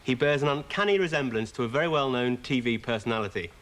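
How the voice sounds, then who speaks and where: A man's voice: mid-range voice, fast talker, a bit bright. A man hosting a mock celebrity interview spot, patiently prompting his nervous guest. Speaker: sketch show interviewer.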